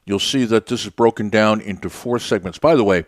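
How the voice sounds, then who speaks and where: A man's voice: lowish voice, a little fast, no echo, clean studio sound. A man hosting a radio show, talking off the cuff in a rambling, conversational way with many fillers and restarts. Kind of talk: unscripted radio monologue.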